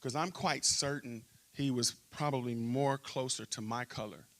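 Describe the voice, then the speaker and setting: A middle-aged man, a pastor, telling a story in a church interview and acting out shouting crowds. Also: medium pitch, moderate pace. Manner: animated storyteller, acts out crowd chants.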